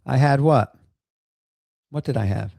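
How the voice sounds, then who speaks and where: A man with a gravelly, creaky voice hosts a loose livestream. He rambles and fills gaps with lots of "uh"s and laughs. His mid-pitched voice sounds close and dry. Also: unhurried, mellow, no room sound. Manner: rambling with many fillers and laughs. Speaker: livestream host. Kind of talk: casual rambling livestream chat.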